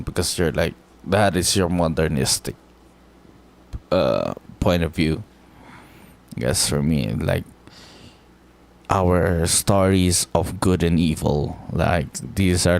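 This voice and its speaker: Slow, low-voiced male streamer. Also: creaky. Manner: swears freely, thinks aloud with many "like"s. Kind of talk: casual live-stream chat.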